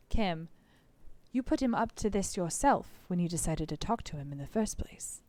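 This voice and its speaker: A woman streamer reading a video game aloud on a live stream, animated, laughing now and then. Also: fairly low pitch, normal speed, dry recording.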